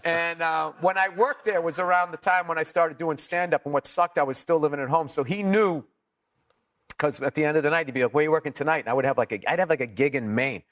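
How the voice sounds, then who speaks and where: Profane comedian telling stories. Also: male voice, fairly high pitch, fairly quick. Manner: profane, animated storyteller acting out quotes. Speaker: comedian guest. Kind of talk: storytelling interview.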